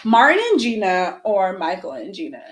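A woman's voice: mid-range voice, big pitch swings, moderate pace. A woman in her late twenties co-hosting a casual chat podcast, blunt and profane, laughing often. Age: late 20s. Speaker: podcast co-host.

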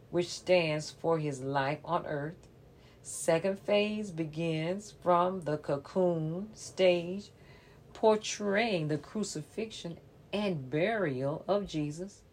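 A woman reads a children's story aloud at a very slow, deliberate pace, her voice sitting a little low. She also explains holiday symbols in a careful presenter's manner. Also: a little hiss or hum.

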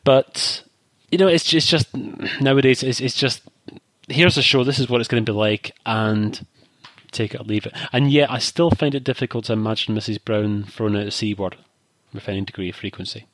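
A man chats casually on a podcast and circles back over his own points, restarting phrases as he thinks aloud. His voice sits at an ordinary middle pitch, and the recording is dry and close, with no room sound. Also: steady tone, brisk, fairly bright tone, no room sound. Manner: rambling, thoughtful, many restarts. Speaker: podcast co-host. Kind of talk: casual chat.

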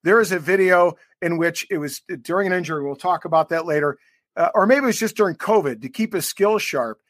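A man's voice: high-pitched, fairly quick, a bit bright, no room sound, clean studio sound. A man co-hosting a rugby podcast, chatting casually and rambling with fillers. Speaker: podcast co-host. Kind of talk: casual interview banter.

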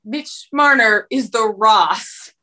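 A woman's voice: on the high side, slow, pushed and bright. A young woman co-hosting a casual chat, talking in a rambling, jokey way and acting out quotes.

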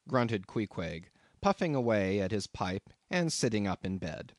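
Expressive male audiobook narrator. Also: on the low side, measured pace, no echo, clean studio sound. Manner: expressive, dramatic reading.

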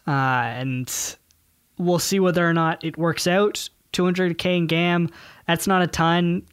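A man's voice: a little high, fairly even intonation, takes it slowly, fairly bright tone, smooth, dry recording, studio quality. A man co-hosting a casual sports podcast, joking, rambling and poking fun at himself. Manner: joking, self-mocking and rambling. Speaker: podcast co-host. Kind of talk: casual chat.

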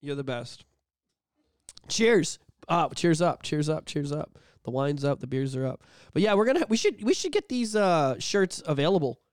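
A man's voice: fairly high pitch, sing-song, moderate pace, no room sound, studio quality. A young man co-hosting a podcast in casual chat, rambling, profane and joking. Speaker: podcast co-host.

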